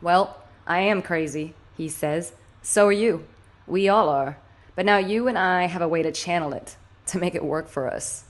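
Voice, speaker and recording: Smug grinning guy talking someone into dark stuff, lowish voice, easygoing, as a woman reads him in an audiobook. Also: moderate pace, natural voice. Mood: amused. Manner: casual, grinning, persuasive. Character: smug, amused man luring a friend into dark powers.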